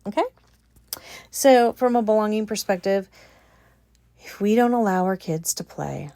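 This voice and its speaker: A woman giving a casual commentary monologue on her channel, animated and incredulous, repeating her points for emphasis. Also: fairly low pitch, vocal fry, no room sound. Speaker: vlogger.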